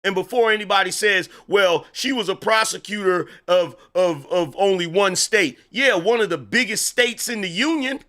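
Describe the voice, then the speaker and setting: A man's voice: sits high, normal speed, hardly any pauses, sharp tone. A middle-aged man giving sarcastic, indignant commentary while reacting to an interview clip. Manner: sarcastic, indignant, mocking asides. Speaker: political commentator.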